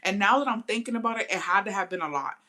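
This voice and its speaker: A woman's voice: medium pitch, fast talker. A young woman from Texas telling a personal story in a casual, profane, slangy way. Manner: profane, slangy, animated retelling. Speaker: storytime vlogger.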